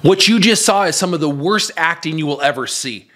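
A man's voice: on the high side, fairly quick, sharp tone. A man hosting his own show, giving emphatic, scornful commentary in a preaching style. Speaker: host.

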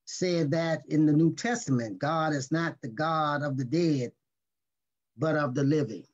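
A male pastor reading scripture and teaching in a slow, deliberate sermon, leaning on key words. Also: fairly high pitch, a little mellow. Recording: dull lo-fi recording.

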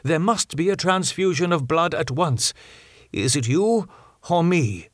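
A man's voice: fairly high pitch, lively intonation, no room sound, studio quality, voice pushed up. A man doing a grave old professor. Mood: urgent. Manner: earnest, urgent, slow emphatic phrasing. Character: elderly Dutch professor, grave, kindly. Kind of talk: audiobook character voice.

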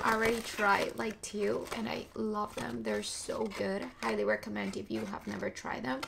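A woman in her twenties, who moved to the US as a teen, talks to camera in a casual vlog, chatty and emotional as she gushes with thanks. Her voice is fairly high with vocal fry, and there's background noise.

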